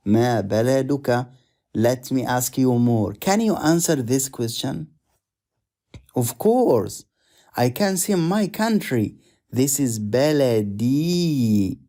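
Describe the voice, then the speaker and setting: A male teacher walks learners through a beginner lesson, repeating each new word to drill it. He talks slowly and deliberately. His voice is mellow and dark, and his pitch sits in the middle. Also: lively intonation. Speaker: Arabic teacher. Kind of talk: slow explanatory lesson.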